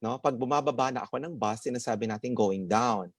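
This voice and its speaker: A man's voice: medium pitch, fast talker, no room sound. A man with a Filipino accent giving a webinar lecture. He mixes English and Tagalog, adds "okay?" and "no?" checks, and acts out stress and intonation examples. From Philippines. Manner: demonstrates stress and intonation aloud. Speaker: webinar speaker.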